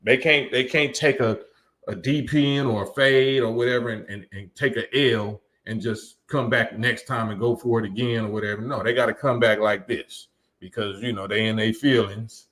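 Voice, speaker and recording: A man's voice: mid-range voice, steady tone, moderate pace, a bit bright. A man hosting a live stream, reading chat comments and lecturing emphatically, often repeating his points. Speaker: livestream host.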